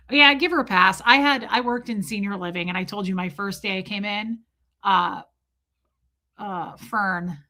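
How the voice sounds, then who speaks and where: A woman's voice: medium pitch, bright, forceful tone. A woman hosting a livestream, chatting casually in a blunt, profane, self-mocking way. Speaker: livestream host. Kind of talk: casual chat.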